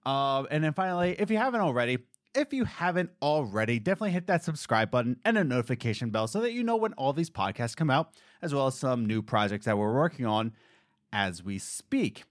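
On a laid-back podcast, this young co-host tells funny, lively stories and mimics the voices of their characters. He speaks at medium pitch and a little fast, and the studio-quality recording has no echo.

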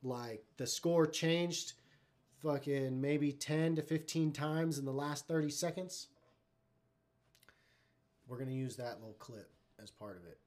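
A man's voice: mid-range voice, unhurried, pauses often, a little mellow. A man hosting a live stream in casual chat, talking in a loose, rambling, profane way.

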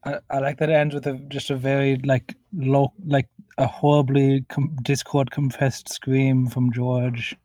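A man's voice: medium pitch, flat delivery, unhurried, few pauses, dark tone, no echo, rough recording. Laid-back man podcasting from a closet. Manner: laid-back, rambling, lots of likes and uhs. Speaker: podcast co-host. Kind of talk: casual review chat. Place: closet in a friend's house. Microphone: remote call recording.

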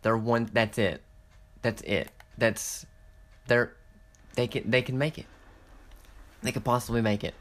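A young man giving casual, excitable commentary while playing a strategy game, swearing often and laughing through his restarts. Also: medium pitch, measured pace, long pauses. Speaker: gaming content creator.

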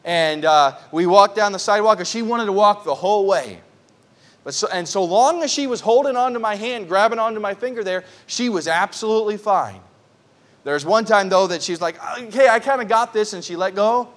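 A pastor with a high, somewhat bright voice and lively intonation preaches briskly at a church prayer service. His sermon is earnest, conversational Bible teaching, and he stresses points by repeating them.

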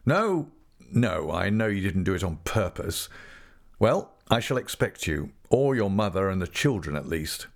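A man reading an audiobook and voicing a persistent, domineering young gentleman, insistent and coaxing. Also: low voice, very animated, measured pace, gravelly, exaggerated voice. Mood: mocking. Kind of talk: audiobook character voice.

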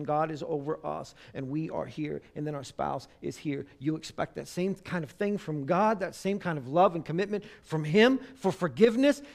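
A man preaching a sermon on marriage, swinging from loud emphasis to hushed, intimate tones. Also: a little high, creaky.

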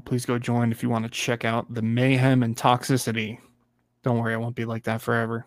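A man's voice: mid-range voice, monotone, fairly quick, no room sound, clean studio sound. A man in a casual podcast chat, talking bluntly with cocky cursing.

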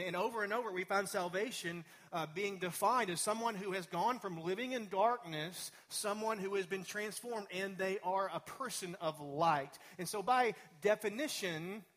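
A man's voice: high-pitched, fairly bright tone. A man preaching a sermon in a church, talking in a conversational, digressive way with personal asides. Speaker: pastor. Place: church sanctuary.

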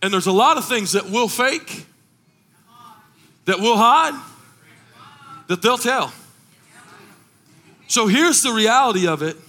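Middle-aged pastor guy preaching hard, voice goes way up high, sings out his lines. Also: lively intonation, slow pace, pauses often. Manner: impassioned preaching, rising into shouted sung cadences. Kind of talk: sermon.

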